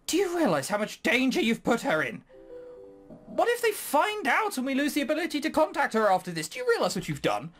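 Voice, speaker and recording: A guarded young man speaks low and clipped, reproachful and tense. A game player voices him while reading a visual novel aloud. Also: wildly swooping pitch, a little fast, a bit bright, faint music behind, heavily acted. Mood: stern.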